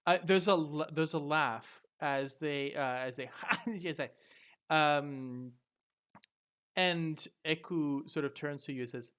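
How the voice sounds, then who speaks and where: A man narrating as game master, halting with many fillers and restarts. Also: fairly high pitch, a bit bright, clean tone.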